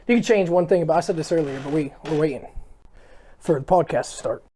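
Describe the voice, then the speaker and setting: A man's voice: a little high, brisk, warm tone, slight background noise. A young man in his twenties, a podcast guest, chatting easily in short remarks. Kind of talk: casual chat.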